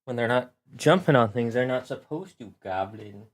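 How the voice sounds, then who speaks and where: A man's voice: mid-range voice, animated, moderate pace. A man, a game master, chatting casually on his live stream from his home room, with showy greetings and chatty asides.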